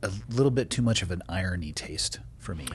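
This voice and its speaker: A man hosting a podcast, chatting in a relaxed way and quick to joke. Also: deep voice, husky. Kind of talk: casual chat.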